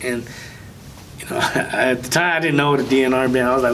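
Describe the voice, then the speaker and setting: Man, interview guest, casual soft-spoken testimony, mid-pitched voice, mic a bit far off, faint rumble behind. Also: quick pace. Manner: casual, soft-spoken storytelling with light nervous laughs. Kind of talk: personal faith testimony.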